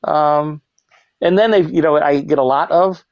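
Brief: animated male interview guest, lively raised voice, dry, slightly dull recording. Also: normal speed, no room sound. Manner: animated, jumps into high shouted voices for quotes, laughs often. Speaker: professional clown, guest. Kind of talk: casual interview storytelling.

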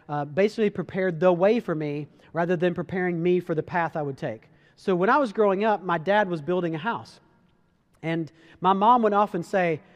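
High-voiced man telling earnest stories. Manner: earnest, conversational, frequent restarts, addresses listeners as guys. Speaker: speaker giving a motivational talk. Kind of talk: earnest storytelling talk to an audience.

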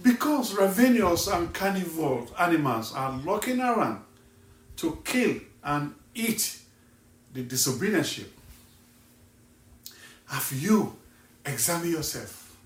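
A male evangelist from Nigeria preaching a sermon slowly and emphatically, asking the listener pointed questions. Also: on the high side, big pitch swings, distant mic. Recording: echoey room, voice set back from the mic.

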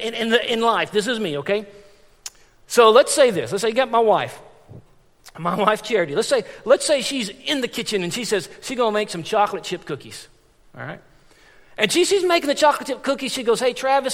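High-voiced animated preacher man in a hall. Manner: animated, storytelling with frequent restarts and repetitions. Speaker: pastor. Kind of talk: sermon.

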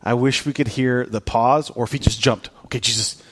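A man preaching a casual, storytelling sermon, acting out scenes and dropping into hushed tones for weight. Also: mid-range voice, fairly even intonation, moderate pace. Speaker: pastor.

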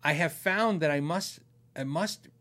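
Chatty, rambling higher-voiced middle-aged man. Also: unhurried, pushed and bright. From Arizona, USA. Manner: rambling, chatty, laughs often, restarts sentences. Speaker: host of a guitar channel and podcast. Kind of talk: casual chat answering viewers.

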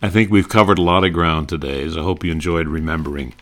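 A man's voice: low voice, steady tone, fast, fairly bright tone. An older man hosting, reminiscing in a chuckling, rambling way with lots of fillers. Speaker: host. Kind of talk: casual reminiscing about old radio comedy.

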